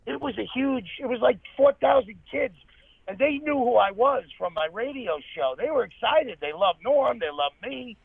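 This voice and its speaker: A high-pitched man with a gravelly edge tells comedy stories with animated energy and quick asides. He sounds like he's on a tinny phone line, dry and close. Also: dry recording. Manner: animated anecdotes, fast asides. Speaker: comedian guest. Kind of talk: storytelling interview.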